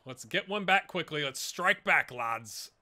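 A man talks through his football management game in a casual, self-mocking way and keeps cheering his players on. His voice is very bright and sits a little high. He speaks close to a desk microphone. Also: expressive, a little slow. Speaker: gaming YouTuber.

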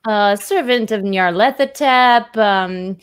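A woman's voice: medium pitch, slow pace, smooth. A woman narrating a tabletop horror game as game master, chatty with many fillers.

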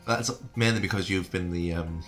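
A low-pitched man hosting a card game commentary with an easy, joking manner. His voice is deep but bright and forward. Faint music plays underneath. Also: normal speed. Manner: chatty, jokey, laughs often. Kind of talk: casual gameplay commentary.

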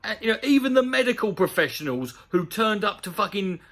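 A man's voice: sits high, brisk. A man giving a sweary, sarcastic comedic rant about a news story. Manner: sweary, sarcastic, animated ranting. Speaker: comedy commentator.

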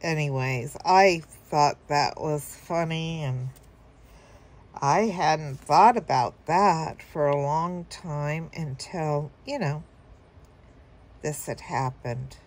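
A woman's voice: deep voice, takes it slowly. A woman telling a story casually to her viewers, rambling with fillers and chuckling now and then. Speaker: vlogger.

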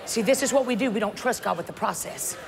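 A woman in her forties preaches with a high voice, mixing jokes with shouted calls. Her delivery is animated and loud. A long church-hall reverb carries her voice over a faint crowd. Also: fast, creaky, background noise. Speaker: pastor. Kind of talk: sermon.

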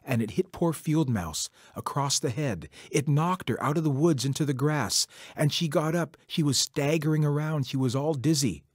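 A man with a slightly high, breathy-edged voice tells children a traditional folk tale at normal speed with few pauses, talking straight to them in a conversational way. The recording is dry and studio quality.

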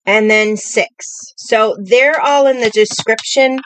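A woman's voice: on the high side, slow pace, fairly bright tone, slight background noise. A woman hosting a live-streamed craft tutorial from a home craft table, talking in a chatty, rambling way with many fillers. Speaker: craft demonstrator.

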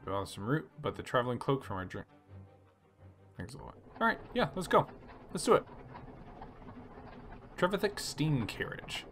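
A man with a gravelly, creaky voice hosts a laid-back let's play, reading the game's story text aloud and then musing over his choices. His pitch rises and falls a lot as he talks, and soft music plays faintly behind him. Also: moderate pace, long pauses. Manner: relaxed, reads story text then chats about choices. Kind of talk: casual gameplay commentary reading game text aloud.

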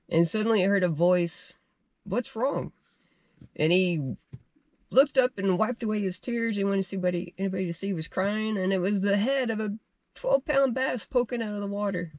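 A man's voice: high-pitched, no room sound. A man hosting a fishing channel, telling a made-up story in a casual, rambling way with fillers and self-corrections.

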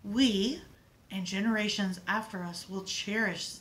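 A woman's voice: mid-range voice, steady tone, measured pace, a bit bright, lightly acted. A woman voicing a loving father who speaks with tearful emotion. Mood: emotional. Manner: emotional, crying out.

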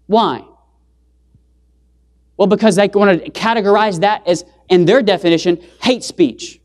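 A man preaching a sermon in a church, emphatic and pausing to throw rhetorical questions at the audience. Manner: swings pitch and loudness for emphasis. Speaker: evangelist preacher.

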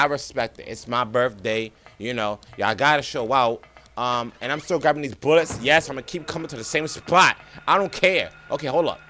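A young man giving let's play commentary, excitable, talking to viewers as "y'all" and yelping and laughing at scares. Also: medium pitch. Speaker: gaming streamer.

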